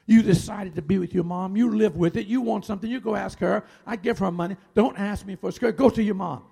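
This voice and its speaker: A man's voice: sits high, fast, vocal fry, dark tone, husky, pitched above the performer's own voice, heavily acted. A preacher voicing an angry father who harshly scolds his young daughter.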